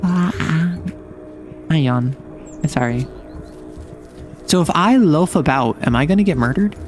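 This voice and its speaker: A man's voice: fairly high pitch, lively intonation, a little slow, faint music behind. Playful man streaming a game. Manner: playful, chatty, exaggerated reactions. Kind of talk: casual game commentary.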